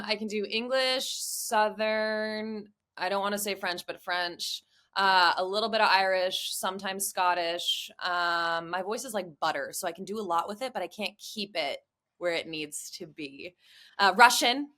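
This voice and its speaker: A young woman from Nevada, a guest in a casual interview, talking in an animated, chatty way and laughing easily. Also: mid-range voice. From Reno, Nevada.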